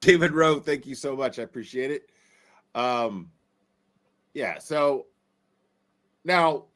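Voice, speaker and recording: A man's voice: mid-range voice, takes it slowly, a bit bright. Earnest man giving stumbling commentary. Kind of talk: opinion commentary.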